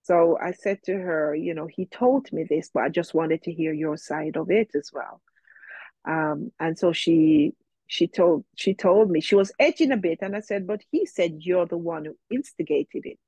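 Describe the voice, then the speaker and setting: A woman's voice: on the low side, moderate pace, warm tone, husky, no echo. A woman guest in an interview, telling a personal story in a reflective way, with many fillers, and quoting herself and others.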